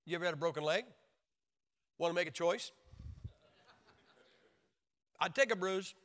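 A man preaching a sermon in an emphatic, joking way, now and then mimicking wailing babies with high shouts. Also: normal speed. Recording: long hall reverb.

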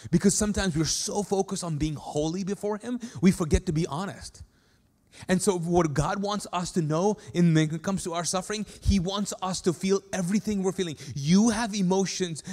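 A male pastor preaches in a sanctuary, his slightly high voice trailing off in a long hall echo. He talks to the congregation in a loose, joking way and acts out little quotes as he goes. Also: a little fast, a little mellow. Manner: conversational and joking, with acted-out quotes. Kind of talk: sermon. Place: church sanctuary. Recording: long reverb of a large hall.

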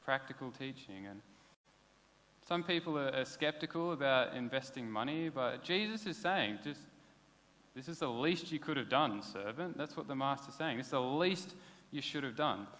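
Man, pastor, conversational sermon, bright voice, reverberant hall. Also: mid-range voice, lively intonation, moderate pace. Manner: conversational, plain-spoken preaching with casual asides. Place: church hall.

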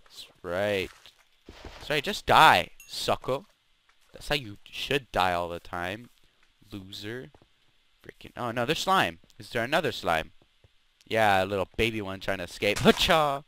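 Swearing young gamer with a lively voice. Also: male voice, on the low side, unhurried, long pauses, smooth, dry recording. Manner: swears freely, grumbles and trash-talks mobs. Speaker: gaming channel host. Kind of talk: Minecraft let's play commentary.

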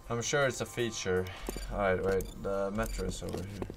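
A man's voice: low voice, fairly even intonation, moderate pace, gravelly. A man streaming a video game, talking casually with profane, exasperated commentary. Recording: loud game noise behind.

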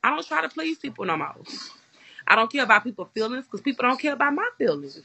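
A woman's voice: on the high side, very animated, fast, vocal fry, sharp tone, breathy edge, no room sound. A woman vlogger in casual chat, talking bluntly with emphatic outbursts.

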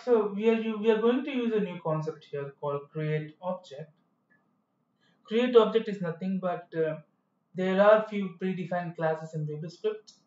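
High-pitched and darkish in tone, this man's voice moves at a moderate pace. He's a programming tutor giving a screen-recorded coding tutorial full of rambling, self-correcting explanations, and the recording has an echoey, dull room sound.

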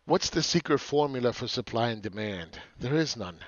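A man's voice: medium pitch, animated, moderate pace, no room sound. A man in the middle of his range delivers a combative market rant, sarcastic and full of swearing, stumbling over repeated words as he presses his point. The sound is dull and lo-fi, close and dry with no room around it. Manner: repeats words and restarts phrases. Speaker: market commentator. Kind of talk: ranting market commentary.

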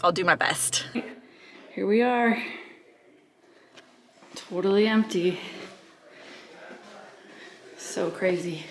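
A woman's voice: mid-range voice, extremely slow, long pauses, slight background noise. A woman in her thirties vlogging casually while moving house, chatty, out of breath and laughing often. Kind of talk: casual vlog chat.

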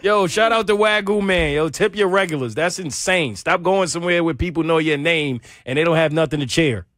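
A man's voice: fairly high pitch, brisk, fairly bright tone, no echo, studio quality. A man co-hosting a podcast, chatting casually and teasing the others with jokes. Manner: joking, teasing banter. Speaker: podcast co-host. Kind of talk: casual chat.

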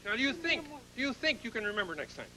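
An eager frog director with a high, piercing brightness to every word. He repeats himself when flustered in this puppet sketch. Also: big pitch swings, fast, slight background noise, full character voice. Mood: coaxing.

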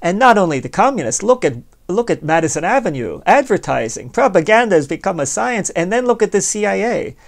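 Podcast guy rambling on, talks right at you, kinda gravelly. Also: high voice, sing-song, a little fast, few pauses. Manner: sardonic, plays both sides of an imagined dialogue; rambling, conversational, addresses the listener directly. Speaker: podcast host. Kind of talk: philosophical monologue.

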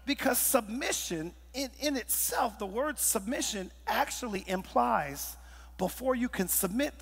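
A man's voice: high voice, fairly bright tone, breathy edge, long reverb tail. A man preaching a call-and-response sermon, prompting the congregation and repeating phrases for emphasis. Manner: preaching with frequent crowd prompts, emphatic repetitions. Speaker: pastor. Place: church sanctuary.

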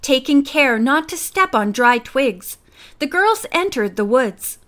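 A woman reading a girls' mystery novel aloud as an audiobook narrator, gently giving each character a voice. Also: high-pitched, expressive, slow.

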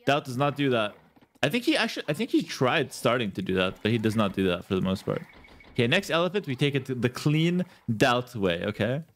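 Very animated and brisk, a man with a mid-range voice talks his viewers through a strategy game live. He's playful and chatty, calling the audience "guys" and repeating words while he thinks.

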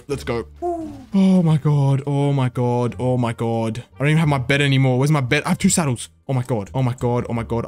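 A young man giving excitable, panicky gameplay commentary as a video host, repeating himself and swearing. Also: medium pitch.

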